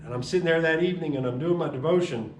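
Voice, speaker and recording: A Chicago man shares his personal testimony in an echoey room, speaking in a highish voice at a racing pace into a distant mic, with a little hiss or hum. He's an animated storyteller, acting out the voices of the people in his story.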